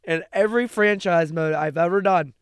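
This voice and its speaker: A man's voice: high-pitched, normal speed, clear, resonant tone, no echo. A young man co-hosting a podcast, teasing his partner and talking hockey with emphatic conviction. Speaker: podcast co-host. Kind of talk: casual sports chat.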